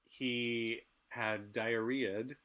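A man's voice: medium pitch, steady tone, drawn-out words, fairly bright tone. A middle-aged man co-hosting a casual chat, speaking candidly and laughing often. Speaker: podcast co-host.

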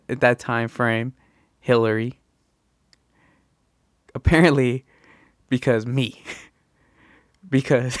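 A young man telling a rambling, slangy story, often tagging "right?" and jumping high in pitch when he quotes himself. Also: no echo, clean studio sound. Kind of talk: casual anecdote.

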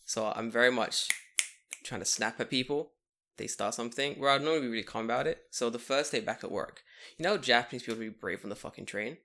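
A young man telling a long story in casual chat, profane and animated, acting out what people said. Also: medium pitch, fast, creaky. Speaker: podcast co-host telling a story.

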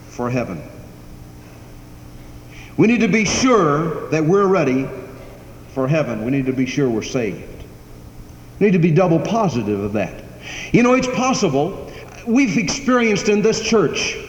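A man preaching a sermon, building emphatic repeated phrases in a preacher's cadence. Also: fairly high pitch. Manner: preacherly, repetitive cadence, rising to emphatic declarations. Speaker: pastor. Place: church sanctuary. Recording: echoey hall, faint background hiss.

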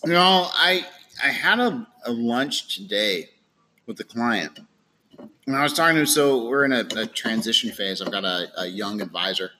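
A man's voice: medium pitch, lively intonation, bright, forceful tone, slight background noise. A man co-hosting a podcast, chatting casually and agreeably, often dropping in short replies. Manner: chatty, agreeable, quick interjections. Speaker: podcast co-host, financial advisor. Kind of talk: casual chat.

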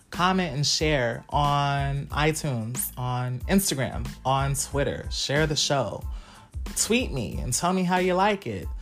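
A woman in her twenties hosting a solo podcast, talking frankly and profanely to her listeners with frequent laughter. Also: deep voice. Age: 20s. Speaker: podcast host. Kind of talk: candid solo podcast chat.

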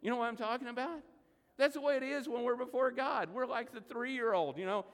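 High-voiced man preaching in a reverberant church. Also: expressive. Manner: preaching, reads scripture slowly and loudly. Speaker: pastor. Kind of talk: sermon. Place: church sanctuary.

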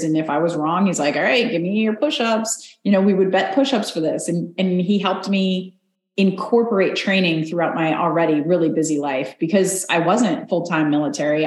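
Earnest woman guest in an echoey room. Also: lowish voice. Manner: earnest, animated storytelling with quoted voices. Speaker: podcast guest, Army Ranger. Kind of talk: conversational interview.

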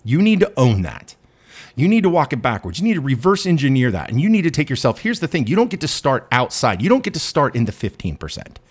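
Swearing, animated male podcast ranter. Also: mid-range voice, fast, slightly rough. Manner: profane, self-deprecating, emphatic. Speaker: podcast host. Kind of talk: profane monologue rant.

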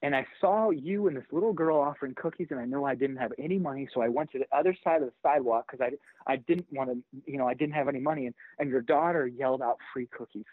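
A middle-aged man, a pastor and author, telling a personal story in an interview with animated energy, acting out the voices of the people in it. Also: medium pitch, fast talker, hardly any pauses, no room sound. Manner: animated, acts out quoted voices. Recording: tinny phone-like line.

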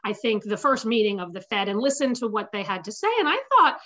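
A woman's voice: medium pitch, animated, fast, sharp tone, highs cut off. A woman, a guest investment strategist, explaining the markets confidently in an interview.

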